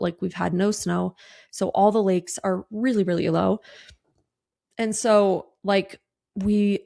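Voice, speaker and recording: This podcast host, a woman in her thirties, runs a casual solo show where she chats breezily, swears offhandedly, and performs the quoted dialogue. She has a medium-pitched, gravelly voice with a darkish tone.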